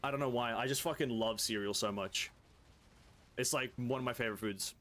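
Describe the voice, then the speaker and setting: A young Australian man talks to his viewers while he plays, easygoing and a little rambling. He drops casual swears into the chat. His voice sits at an ordinary middle pitch for a man. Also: brisk, fairly bright tone. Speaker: gaming streamer.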